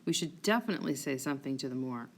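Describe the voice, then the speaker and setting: A woman voicing a serious male officer, measured and earnest. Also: rumbling low, expressive, voice pushed down, heavily acted. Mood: concerned.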